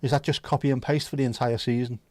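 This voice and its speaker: A man's voice: medium pitch, level tone, fast talker, a little mellow, dry recording. Man, livestream host, casual joking chat, dry close sound. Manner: joking, teasing, chatty banter.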